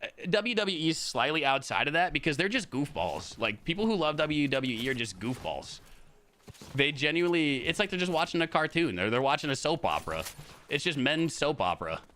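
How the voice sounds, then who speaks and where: A man's voice: fairly high pitch, sing-song, a little fast, bright, forceful tone, a little hiss or hum. A young man chatting casually on a live stream, rambling and swearing, with frequent laughs.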